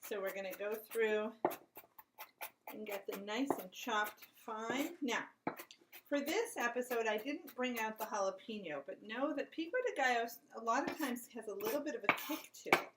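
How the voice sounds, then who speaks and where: Woman, cooking show host, chatty step-by-step instructions, home kitchen, loud clanking dishes and pans. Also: a little high, normal speed, heavy background noise. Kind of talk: casual cooking demonstration.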